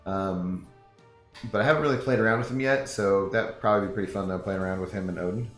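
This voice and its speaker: A man's voice: low-pitched, fast talker. Southern US male streamer, rambling and laughing, roomy echo with faint music behind. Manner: rambling, chatty, laughs often. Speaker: game streamer. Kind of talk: casual chat with viewers. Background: faint background music.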